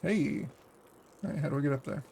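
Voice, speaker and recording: Guy hosting a let's play, dry teasing commentary, slightly high voice, faint hiss. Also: brisk, gravelly, a little mellow. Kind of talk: casual game commentary.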